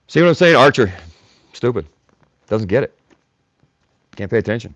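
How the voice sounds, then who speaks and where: Male livestream host, mocking and blunt, very animated delivery, dull dry sound. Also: mid-range voice, normal speed, pauses often, no room sound. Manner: blunt, combative, mocks chatters by name. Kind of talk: live-stream rant reading chat.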